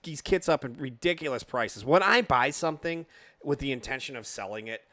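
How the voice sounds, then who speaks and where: A man in casual chat about drums, animated and chatty, often saying "man". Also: medium pitch, brisk, no echo.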